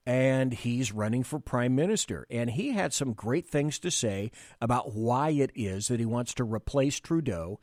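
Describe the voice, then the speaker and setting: Male talk host, blunt and rambling, very animated delivery, dry close mic. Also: mid-range voice, measured pace, few pauses, no echo. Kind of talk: live political talk show.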